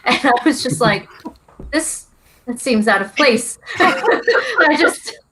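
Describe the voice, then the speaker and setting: A woman's voice: high voice, sing-song, slow pace, bright, forceful tone, low-quality recording. A woman on a film podcast panel, joking and giggling as she talks. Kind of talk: casual film discussion. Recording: faint noise and clicks.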